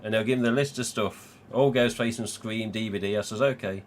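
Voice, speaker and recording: A man's voice: lowish voice, fairly even intonation, fairly quick, a little hiss or hum. A man from England hosting a live stream, chatting casually, swearing freely and laughing often. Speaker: livestream host.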